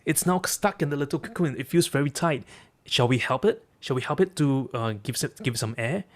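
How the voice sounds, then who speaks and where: A man voicing an anxious, excited little boy in a told story, speaking high and eager. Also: a little fast, close to an everyday voice. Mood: pleading.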